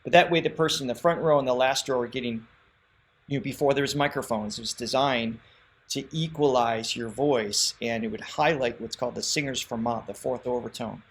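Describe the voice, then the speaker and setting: Male reaction host, mid-pitched, eager and explanatory, stumbles and restarts often. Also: a little fast, a little hiss or hum. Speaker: vocal coach and reaction show host. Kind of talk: casual reaction commentary. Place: remote, away from his usual setup.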